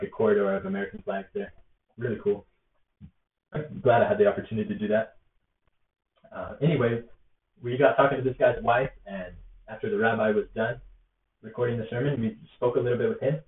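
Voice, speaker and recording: Earnest young man, tinny and echoey. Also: lowish voice. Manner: rambling, earnest storytelling with many fillers. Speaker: rally organizer. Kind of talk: casual spoken reflection to camera. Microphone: laptop or tablet built-in mic. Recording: echoey, distant, phone-like tinny sound.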